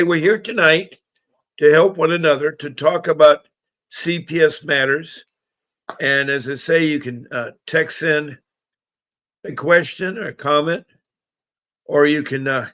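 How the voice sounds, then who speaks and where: A man hosts a live stream call-in show, talking casually in a slightly scratchy voice that is a little high with a fairly bright tone. His manner is friendly and rambling, full of fillers.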